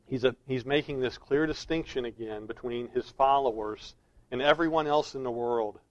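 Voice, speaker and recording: A man preaching an expository sermon, earnestly leaning on key words and slowing down for emphasis. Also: medium pitch, fairly even intonation, no room sound, muffled recording.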